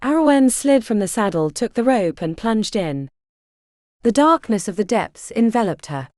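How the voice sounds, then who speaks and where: A woman narrating a historical romance audiobook in an expressive, dramatic reading. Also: on the high side, measured pace, no room sound, clean studio sound.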